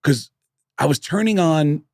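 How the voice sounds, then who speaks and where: A man co-hosting a podcast, telling animated stories with plenty of swearing and acted-out quotes. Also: a little high, unhurried, no echo, studio quality. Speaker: podcast co-host. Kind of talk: casual storytelling chat.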